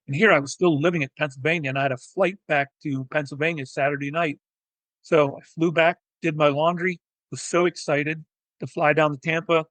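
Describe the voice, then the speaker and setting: A man, a physical therapist and educator, telling his story in a technical, animated way as an interview guest. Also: a little high, quick pace, no room sound, rough recording. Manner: technical, animated, acts out quoted dialogue. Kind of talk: conversational storytelling.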